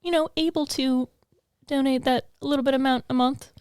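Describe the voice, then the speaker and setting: A woman's voice: sits high, fairly even intonation, moderate pace, a little mellow, dry recording. A woman co-hosting a podcast in casual, rambling chat, laughing often, recorded on a stand mic in a small studio. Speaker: podcast co-host.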